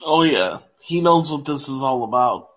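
A man's voice: fairly high pitch, expressive, slow pace, slightly rough. A man co-hosting a casual wrestling chat, laid-back and drowsy, laughing easily. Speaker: podcast co-host. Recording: dull lo-fi audio.

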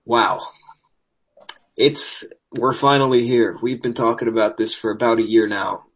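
A man's voice: mid-range voice, fairly even intonation, a little slow, husky, poor audio. A man hosting a podcast, reading wrestling news with sarcastic asides, losing his voice. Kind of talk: casual news commentary.

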